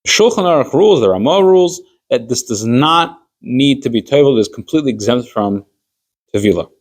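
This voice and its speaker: A rabbi teaches an informal class on Jewish law, talking conversationally through everyday hypothetical stories and acting out little scenes of quoted dialogue. His mid-range voice has lively intonation and he speaks a little fast.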